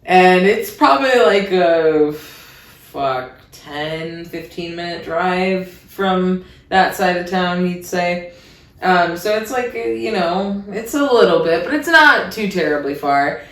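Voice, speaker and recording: A woman's voice: lowish voice, slow. Chatty woman telling a candid story. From Iowa, USA. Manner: chatty and candid, with lots of fillers and wry asides. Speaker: podcast host. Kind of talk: casual comedic storytelling. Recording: roomy echo.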